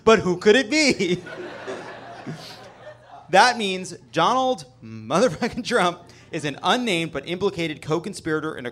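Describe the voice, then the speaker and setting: A man's voice: fairly high pitch, fairly bright tone. Man hosting a sarcastic comedy monologue. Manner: sarcastic, swears for emphasis. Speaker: host. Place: comedy club stage.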